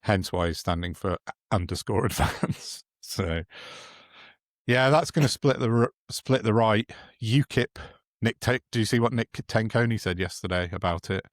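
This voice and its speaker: A sardonic man chats about politics on a podcast, his voice sitting low. He mocks his targets with frequent chuckles. The sound is close and dry, with no room around it. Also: moderate pace, dry recording. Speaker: podcast co-host. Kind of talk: casual political chat.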